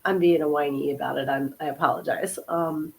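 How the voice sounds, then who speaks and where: A woman in her fifties, hoarse from a cold, hosting a casual livestream podcast and chatting with her viewers in an apologetic, friendly way. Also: sits low, fairly even intonation, a little fast, a little mellow. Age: 50s. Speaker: podcast host and author.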